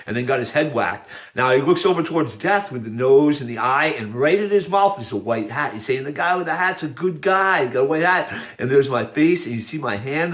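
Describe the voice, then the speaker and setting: A man narrating over a series of images, pointing out details one by one in an earnest, repetitive way. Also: mid-range voice. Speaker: video narrator.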